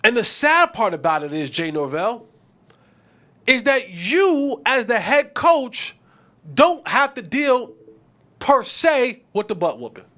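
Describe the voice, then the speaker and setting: A man's voice: very high-pitched, big pitch swings, slow, sharp tone. A man hosting a sports podcast, talking emphatically with repetition and slang. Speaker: podcast host.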